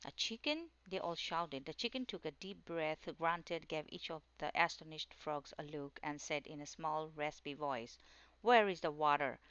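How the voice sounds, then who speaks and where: A woman tells a children's storybook tale in a gentle, steady way. Her voice is low, clean and smooth, and the recording is dry and close, with a slightly muffled, lo-fi sound. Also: normal speed, hardly any pauses. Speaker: narrator.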